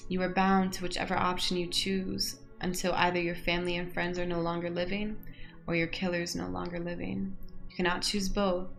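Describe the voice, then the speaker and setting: A woman's voice: lowish voice, little pitch movement, a little fast, gravelly, faint music behind. A young woman reading out game questions and reacting in a chatty way, laughing often and getting emotional. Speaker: gaming YouTuber.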